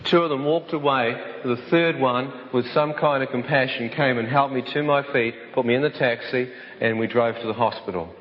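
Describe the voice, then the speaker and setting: A man relating his testimony to an audience in vivid, storytelling fashion, at an everyday pitch. His voice carries through an echoey hall, and the sound is slightly dull. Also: normal speed, hardly any pauses. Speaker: speaker giving a testimony. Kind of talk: dramatic personal testimony to an audience.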